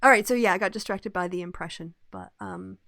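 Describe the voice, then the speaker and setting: A woman's voice: medium pitch, a little fast, creaky, a bit bright, no echo, clean studio sound. A woman co-hosting a casual political chat show, talkative, laughing often and drifting into tangents. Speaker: podcast co-host.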